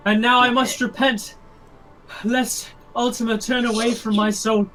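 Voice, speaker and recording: A woman's voice: a little high, little pitch movement, unhurried, music in the background, pitched above the performer's own voice, lightly acted, rough recording. A woman voicing a self-whipping penitent man with overwrought, pleading piety. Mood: solemn.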